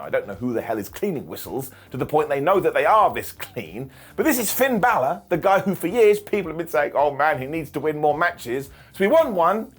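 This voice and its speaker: Lively husky-voiced man doing a sarcastic recap. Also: a little high. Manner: sarcastic, jokey, quick asides. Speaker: wrestling show reviewer and host. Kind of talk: animated comedic recap.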